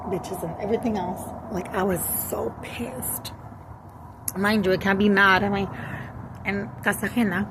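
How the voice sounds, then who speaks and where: Woman, blunt and profane, casual monologue, mid-range voice, noisy recording. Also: medium pitch. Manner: profane, blunt, switches into Spanish. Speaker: vlogger.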